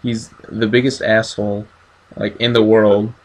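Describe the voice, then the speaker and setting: A man's voice: fairly low pitch, little pitch movement, measured pace. Enthusiastic man hosting a movie review. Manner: enthusiastic, asks questions. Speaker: host of a horror review channel. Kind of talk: casual review chat.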